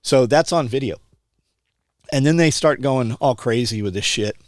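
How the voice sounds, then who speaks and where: A man talking casually as a podcast guest, telling profane, animated stories and acting out the other people's lines. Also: medium pitch, normal speed, no echo. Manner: profane, animated, acts out quoted dialogue. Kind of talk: casual storytelling conversation.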